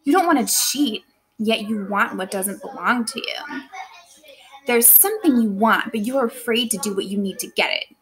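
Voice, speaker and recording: Scheming noblewoman voiced by a woman teacher, commanding, dramatic read, put-on accent, fairly high voice. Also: animated, moderate pace, natural voice, poor audio. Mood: persuasive.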